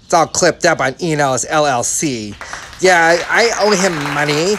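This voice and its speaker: A man voicing a high-strung, washed-up comedian in a cartoon parody who rants defensively and swears constantly. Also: expressive, normal speed, noisy background, close to an everyday voice. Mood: ranting. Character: high-strung, foul-mouthed washed-up male comic.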